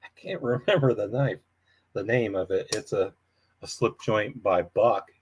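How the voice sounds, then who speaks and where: A man's voice: lowish voice, unhurried, a little hiss or hum. A man hosting a casual live chat from home, rambling and chuckling often. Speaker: livestream host.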